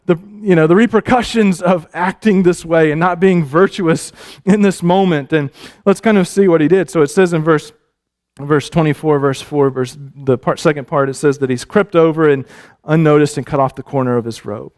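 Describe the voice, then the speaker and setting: Animated male pastor preaching. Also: on the high side, moderate pace. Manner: animated storytelling, repeats words, restarts. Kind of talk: sermon.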